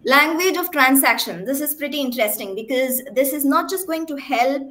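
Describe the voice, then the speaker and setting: Female speech therapist, slightly high voice, clear emphatic teaching delivery to parents, asks the room questions. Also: normal speed, fairly bright tone. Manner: clear, emphatic teaching with frequent "right?" check-ins. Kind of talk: talk to parents.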